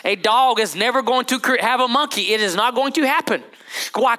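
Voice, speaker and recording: A male pastor preaching a sermon in an animated, conversational way, calling out to the congregation. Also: very high voice, normal speed. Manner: animated, conversational, calls to the crowd.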